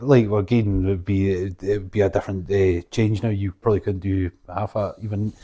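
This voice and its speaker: A man's voice: low voice, fairly even intonation, brisk, warm tone. A man hosting a podcast, easygoing in casual chat, who trails off mid-sentence. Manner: easygoing, short backchannels, trails off. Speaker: podcast host.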